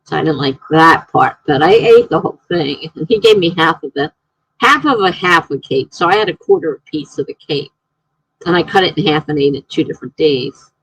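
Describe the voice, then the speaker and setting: A woman live-streaming from home, chatting casually, reading viewer comments aloud and telling excitable stories. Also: sits low, fairly quick, slightly rough, no echo, low-quality recording.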